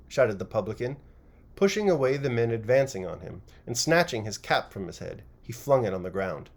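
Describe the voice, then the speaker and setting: A man narrating a classic novel chapter by chapter as an audiobook reader, with an expressive, varied reading. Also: medium pitch, moderate pace, gravelly.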